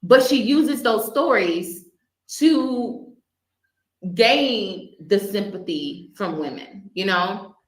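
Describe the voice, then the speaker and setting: A woman's voice: mid-range voice, animated, takes it slowly. A woman guest earnestly recounting a past relationship, restarting her sentences often. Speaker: interview guest. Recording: echoey room.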